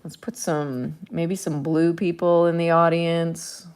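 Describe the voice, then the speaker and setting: Woman artist, low voice, unhurried, chatty running commentary while painting. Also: little pitch movement, darkish tone, smooth. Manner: chatty, thinking aloud, playful. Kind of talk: casual narration while painting.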